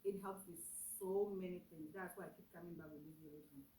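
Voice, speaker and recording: Mellow woman in an echoey room. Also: on the low side, fairly even intonation, fast talker. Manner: repetitive, instructive, talks while squatting and drinking. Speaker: wellness vlogger. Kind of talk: casual how-to demonstration. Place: room at home, crouched by a wall.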